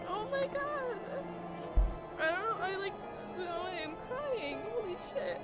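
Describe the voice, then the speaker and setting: A woman's voice: very high-pitched, expressive, slow, loud music behind the voice. A woman streamer gushing and giggling as she thanks her viewers, played from her own stream. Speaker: fellow streamer. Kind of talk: live stream chat.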